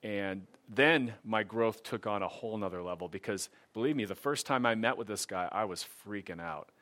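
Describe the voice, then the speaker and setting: A man's voice: lowish voice, moderate pace, a bit bright. A middle-aged man telling a personal faith testimony in a casual, earnest way, livening up when he quotes other people.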